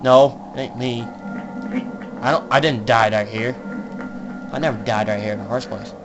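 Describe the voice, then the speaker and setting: A young man giving casual, joking commentary while playing an online horror game, swearing and laughing often and shouting when startled. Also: mid-range voice, moderate pace, highs cut off, music in the background. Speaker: gaming YouTuber. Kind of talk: casual let's-play commentary.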